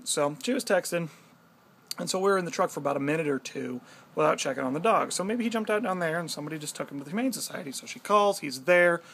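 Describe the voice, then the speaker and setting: Gravelly man telling a story. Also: a little high, fast talker, slight background noise. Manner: animated, swears freely. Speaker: vlogger. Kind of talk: casual storytelling.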